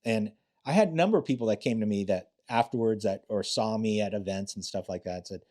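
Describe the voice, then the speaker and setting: A man's voice: on the low side, fairly quick, a little mellow. A middle-aged man, a retired detective, telling stories bluntly and with profanity in a casual interview. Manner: blunt and profane, acts out quotes in other voices. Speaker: retired homicide detective, podcast guest.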